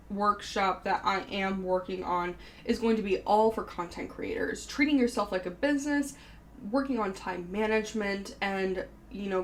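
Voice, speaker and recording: A woman's voice: lowish voice, a little hiss or hum, poor audio. A woman in her thirties hosting her own podcast, talking candidly in a casual, chatty way with frequent fillers. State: briefly tearful. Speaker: podcast host. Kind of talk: casual solo podcast chat.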